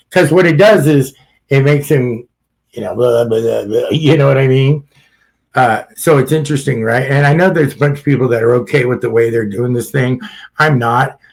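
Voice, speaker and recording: A man's voice: mid-range voice, moderate pace, creaky, rough recording. Blunt, swearing male podcast host. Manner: blunt, rambling, swears freely; laughs at his own jokes. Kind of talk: casual political chat.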